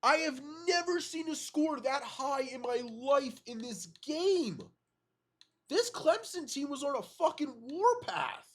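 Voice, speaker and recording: Excitable man with a cold, swearing. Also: very high voice, slow. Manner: excitable, swears often, disbelieving exclamations. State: has a cold. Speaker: gaming video creator. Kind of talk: reacting to simulated season results.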